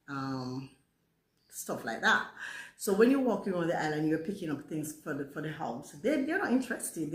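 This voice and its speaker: A woman in her forties with a Jamaican accent tinged with British, telling a rambling storytime monologue and mixing patois into her English. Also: deep voice. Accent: Jamaican, mixed with British. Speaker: vlogger. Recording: roomy echo.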